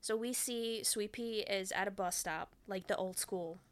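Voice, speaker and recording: A woman's voice: mid-range voice, measured pace. A woman co-hosting a podcast, retelling a film in casual chat, full of "like" fillers and acting out the characters' lines. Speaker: podcast co-host recapping a film.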